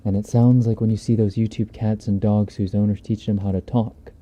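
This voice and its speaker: Dark-voiced man casually reading horror. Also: on the low side, level tone, fairly quick, muffled recording. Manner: laid-back, profane, conversational delivery. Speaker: streamer reading horror stories. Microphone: binaural dummy-head mic.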